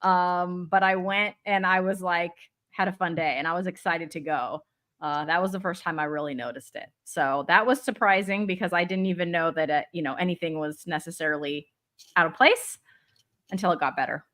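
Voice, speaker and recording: A woman, a teacher and mother, telling a personal story in a casual livestream chat, halting with fillers. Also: fairly low pitch, a bit bright.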